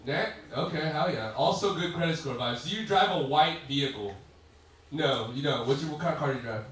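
A man's voice: a little high, brisk, a bit bright. A man doing stand-up crowd work on a comedy club stage, profane and rambling, often laughing mid-sentence. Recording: far-off roomy club recording with crowd. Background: audience laughter.

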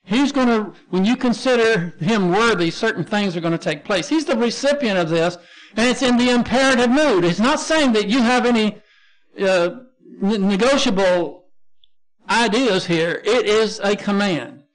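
With a high-pitched, expressive voice at normal speed, a Texan man leads a Bible lesson from the pulpit. He breaks down Greek words one at a time, spelling them aloud letter by letter, with many restarts along the way.

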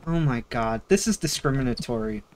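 A woman's voice: extremely low pitch, lively intonation, brisk, background noise. A young woman giggling and teasing a friend in casual voice chat during a roleplay game. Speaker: game player.

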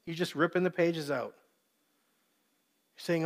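A man's voice: a little high, unhurried. A man preaching a sermon as pastor, earnest, briefly acting out the voices he quotes.

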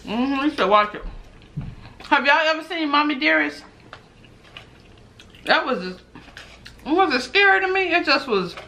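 A woman's voice: high voice, lively intonation, measured pace, long pauses, pushed and bright. A young woman hosting a casual eating vlog, teasing and talking between bites. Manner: loose, teasing, talks while eating, drawls. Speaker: mukbang channel host.

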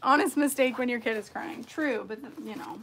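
A woman's voice: fairly high pitch, brisk, fairly bright tone. A young woman chatting casually on a sewing livestream, reading out viewer comments as she works. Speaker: bag maker hosting a sewing livestream.

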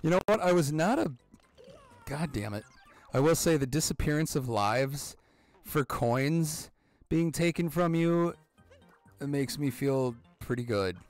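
A man in his thirties with a gravelly, fry-edged voice, commentating a video game as he plays. He rambles excitedly, swears freely and yelps at his mistakes. Faint game music plays behind him. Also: fairly high pitch, unhurried. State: out of breath. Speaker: gaming channel host. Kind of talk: excited let's-play commentary.

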